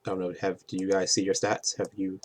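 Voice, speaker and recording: Speaking quickly in a deep, monotone voice, a man walks through how a tabletop game works. His explanation is casual and rambling, punctuated by frequent "right?" check-ins.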